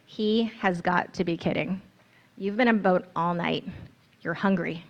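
A woman's voice: on the low side, measured pace, highs cut off. A woman narrating a guided scripture meditation in the second person, in an earnest, storytelling manner.

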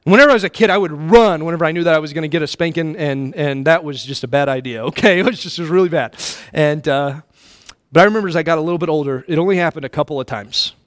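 A middle-aged male pastor preaching a sermon in a church, impassioned, swinging from loud to hushed, repeating words and calling listeners friend. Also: fairly high pitch, fast, few pauses. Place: church sanctuary.

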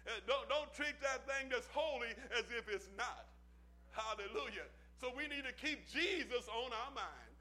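A male preacher delivers a sermon with a very high voice. His tone is piercingly bright, and he builds rolling, repetitive phrases. He keeps turning to the congregation with questions. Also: expressive, normal speed. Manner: rhythmic, repetitive preaching cadence.

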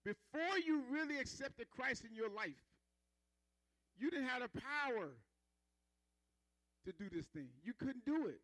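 A man's voice: very high-pitched, animated, a little slow, pauses often, fairly bright tone, dry recording, rough recording. A man preaching a sermon in a conversational style, calling for responses from the congregation and building rhythmic emphasis.

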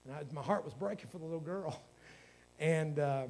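A man's voice: fairly high pitch, normal speed, a little mellow. A man, a pastor preaching a sermon in a folksy storytelling way that builds to fervent exhortation.

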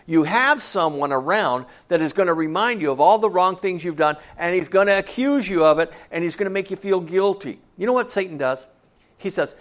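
A man preaches a sermon in an easy, conversational manner. He keeps checking in with the congregation with questions. His voice sits a touch high for a man. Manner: conversational, asks the listeners questions. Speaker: pastor.

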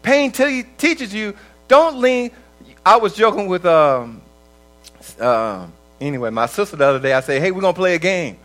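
A man's voice: high voice, big pitch swings, normal speed, fairly bright tone, faint music behind, low-quality recording. A man preaching a conversational sermon, acting out quoted voices and laughing often.

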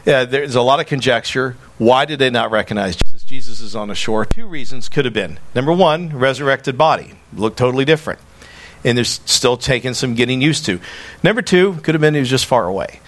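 A pastor preaching a sermon in a conversational way, often repeating words and telling personal stories. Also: male voice, mid-range voice, lively intonation, fairly quick, fairly bright tone, a little hiss or hum.

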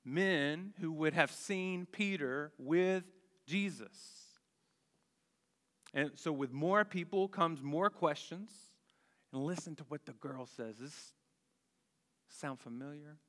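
A man preaching a sermon, deliberate and emphatic, with dramatic pauses and rhetorical questions. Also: on the high side, a bit bright. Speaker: pastor. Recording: long hall reverb.

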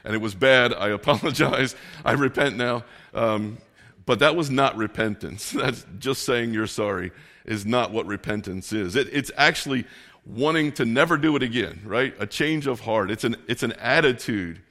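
A male preacher at an ordinary middle pitch delivers his sermon like a relaxed conversation. He tells a personal story in a self-mocking way. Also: normal speed. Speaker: pastor.

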